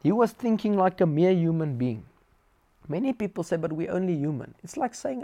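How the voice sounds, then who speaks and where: This sermon comes from a high-pitched South African man who speaks at a moderate pace, telling animated stories from his own life and mixing Afrikaans terms into English.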